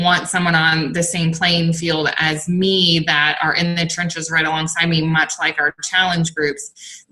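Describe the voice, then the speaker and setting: A woman's voice: fairly low pitch, pushed and bright, rough recording. A woman team coach talking on a casual group call in a supportive, rambling, upbeat way. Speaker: fitness coach.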